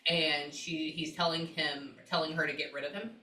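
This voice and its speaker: A chatty woman with a lowish voice talks loosely with her clients. She pauses often to think aloud. She is heard from off the mic in an echoey room. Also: steady tone, bright, forceful tone, recorded from a distance. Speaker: psychic medium. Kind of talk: casual session talk. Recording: roomy, from off the mic.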